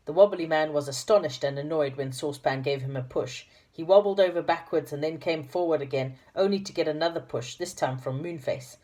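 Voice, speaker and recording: A woman with a low, mellow voice reads a children's storybook aloud. She talks to her listeners with affection between chapters. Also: brisk. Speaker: reader of children's stories.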